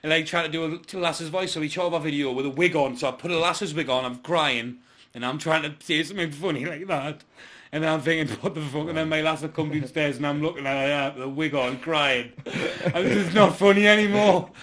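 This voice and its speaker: Sweary guy rattling off stories quick on a podcast. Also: fairly high pitch, steady tone, a bit bright. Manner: rapid, swearing, storytelling. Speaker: podcast guest. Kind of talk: casual chat.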